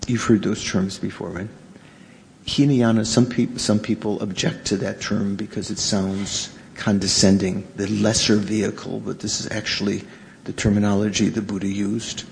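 A man teaching Buddhism to a live audience in a halting, conversational way, often stopping to question his listeners. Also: on the low side, little pitch movement, gravelly. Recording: reverberant hall, faint background noise.

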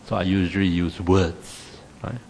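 A Singaporean man teaches a meditation class in a wry, chatty, self-deprecating way, tossing in little tag questions as he goes. His voice sits somewhat low. It carries a long reverb, as if he were speaking in a hall. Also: fairly even intonation, unhurried, darkish tone, slight background noise. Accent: Singaporean English.

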